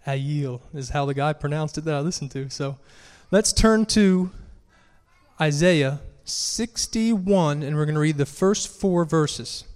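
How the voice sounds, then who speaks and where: A preacher delivers a sermon in a slightly raised, earnest and pressing voice that sits on the high side, measured in pace and a little mellow. He builds in force while reading scripture aloud, with long hall reverb behind him.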